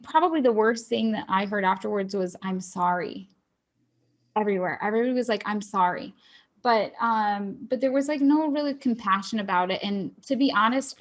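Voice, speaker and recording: A young woman co-host reflecting earnestly in a casual discussion, thinking aloud as she talks. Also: a little high.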